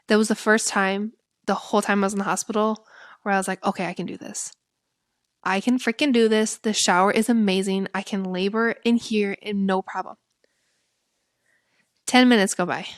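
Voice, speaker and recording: A woman's voice: medium pitch, dry recording, studio quality. Candid woman telling a personal story. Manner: lively, candid, quotes herself in animated bursts. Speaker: podcast co-host.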